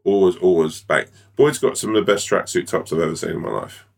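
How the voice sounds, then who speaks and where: A man co-hosting a podcast in casual chat, chatty and quick to tell anecdotes, swearing now and then. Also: low-pitched, creaky. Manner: chatty, swearing, tells anecdotes with put-on voices. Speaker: podcast co-host.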